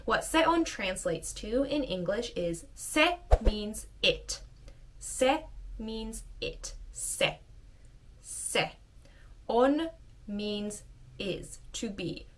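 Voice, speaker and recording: A woman's voice: on the high side, expressive, far from the mic. A woman teaching a casual video lesson, repeating short phrases patiently. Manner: slow, repeats phrases over and over. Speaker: language teacher.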